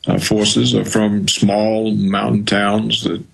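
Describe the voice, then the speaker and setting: A male interview guest speaking over a video call, measured and hesitant, pausing often. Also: lowish voice, level tone, vocal fry, slightly rough, poor audio.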